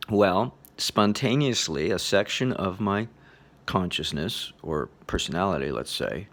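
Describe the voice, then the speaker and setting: A man giving a relaxed spoken lecture on meditation, chuckling often in a loose, playful way. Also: sits low, a little slow. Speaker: meditation teacher.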